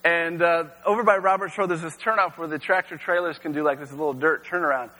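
Male youth pastor, relaxed storytelling sermon, crisp bright tone, long hall echo. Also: a little high, quick pace. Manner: casual storytelling with frequent fillers.

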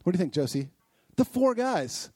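A man teaching a youth Bible lesson, energetic and asking the group lots of questions. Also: high voice, moderate pace, breathy edge, dry recording. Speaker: youth pastor.

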